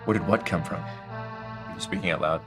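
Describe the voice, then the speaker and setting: A man playing a tabletop game, speaking in a calm, matter-of-fact way. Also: low voice, normal speed, faint music behind. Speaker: player.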